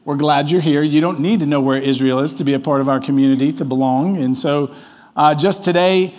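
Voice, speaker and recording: A man's voice: on the high side, brisk, darkish tone. A man preaching a conversational sermon as pastor in church, telling stories casually and often tagging on questions. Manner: casual storytelling, frequent tag questions.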